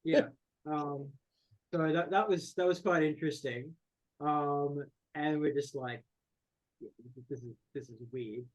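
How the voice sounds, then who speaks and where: A man joins a shared story in easy chat. His voice sits a bit high, and he speaks hesitantly, with many fillers. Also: steady tone, slow pace, rough recording.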